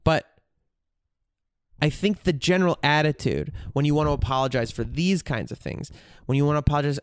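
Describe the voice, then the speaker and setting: A man's voice: fairly high pitch, brisk, long pauses, smooth, no room sound, clean studio sound. A man hosting a solo podcast, talking candidly and profanely as he thinks aloud, often restarting his sentences. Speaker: podcast host. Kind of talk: reflective solo podcast monologue.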